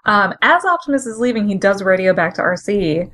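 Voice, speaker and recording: Woman podcast co-host, chatty and lively, recapping comics with fillers, mid-range voice. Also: mid-range voice, a little fast. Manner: chatty and animated, with frequent fillers and laughter. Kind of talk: casual comic-book recap chat.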